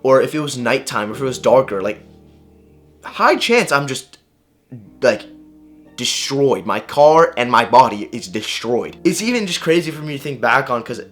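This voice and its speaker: A young man vlogger telling a personal story to camera in a casual, animated way, swearing and using slang. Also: medium pitch, normal speed, soft background music.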